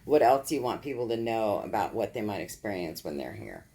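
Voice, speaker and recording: A woman hosting a casual chat, upbeat and quick to laugh. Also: rumbling low, big pitch swings, mellow. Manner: chatty, upbeat, laughs easily. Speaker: host.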